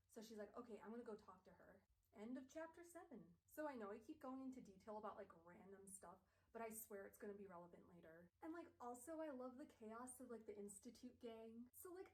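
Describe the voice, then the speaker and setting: A young woman streamer recapping a story in a chatty, gushing way. Her voice sits slightly high, and she fills her sentences with casual asides. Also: animated, a little fast, few pauses, a little mellow, rough recording. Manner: chatty, lots of filler "like".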